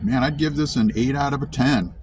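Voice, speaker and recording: A man's voice: mid-range voice, brisk, background noise. Chatty man reviewing food while eating. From East Tennessee. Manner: chatty, eating while talking, repeats himself. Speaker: vlogger. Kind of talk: casual food review vlog.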